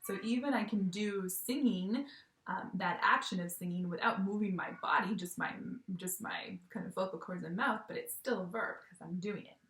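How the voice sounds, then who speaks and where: A young woman gives a video lesson to young children from home. She is cheerful and animated, acting out each word as she says it. Her voice carries an echo from the room around her. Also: mid-range voice, normal speed. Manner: cheerful, animated, acts out words. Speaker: teacher.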